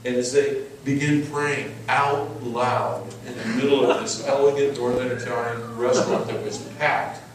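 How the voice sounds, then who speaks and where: Middle-aged guy preaching, storytelling, big echoey room, kinda far from the mic. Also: medium pitch. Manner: storytelling, emphatic, repeats words when excited. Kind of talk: sermon testimony. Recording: echoey hall, mic at a distance.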